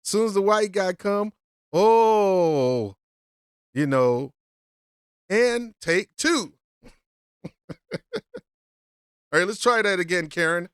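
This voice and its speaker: A woman's voice: mid-range voice, lively intonation, slow pace, pauses often, smooth, dry recording. A woman giving a slangy, mocking reaction commentary on a street video.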